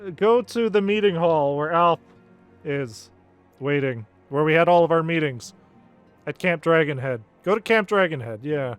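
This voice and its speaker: A man's voice: a little high, animated, normal speed, clear, resonant tone, soft background music. A man streaming a video game, commenting casually with sarcasm and lots of swearing.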